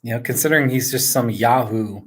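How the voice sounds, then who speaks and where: A man's voice: mid-range voice, brisk, breathy edge. A man in his forties from northern New Jersey, chatting casually and rambling with viewers, chuckling often as he answers their questions. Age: 40s. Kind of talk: casual live chat. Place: indoors at home.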